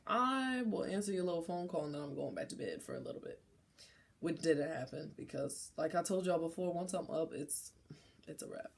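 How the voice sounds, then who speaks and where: A young adult woman vlogger telling a personal story in a casual, slangy, animated way. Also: deep voice.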